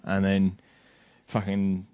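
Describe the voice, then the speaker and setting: A man's voice: deep voice, completely flat delivery, slow pace, warm tone, smooth, dry recording. A young man, a podcast co-host, telling a crude story in casual chat and acting out the lines of the people in it. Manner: crude, laughing, acts out quotes in a story.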